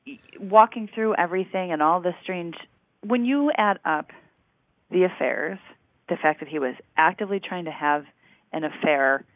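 A podcast co-host in casual chat, hesitant and measured, often restarting sentences. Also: medium pitch, dry recording. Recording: tinny phone-like line.

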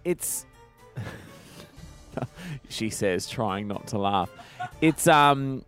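A man's voice: mid-range voice, expressive, drawn-out words, a bit bright. A man with an Australian accent co-hosting a radio show, joking playfully and reading out facts, with faint music behind. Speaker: radio co-host. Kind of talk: casual radio banter.

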